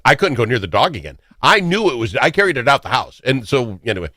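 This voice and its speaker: A man hosting a talk show, telling stories in a casual, excitable way. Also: mid-range voice, fast, dry recording, studio quality. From Minnesota. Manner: animated, excitable storyteller. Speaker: radio talk show host. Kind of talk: casual storytelling chat.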